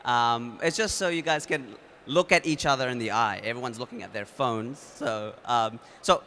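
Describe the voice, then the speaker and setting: A man with a New Zealand accent speaking at a conference, casual and energetic, with many fillers and restarts. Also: mid-range voice, normal speed, a little hiss or hum. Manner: energetic, leads the audience in a game. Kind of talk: conference talk.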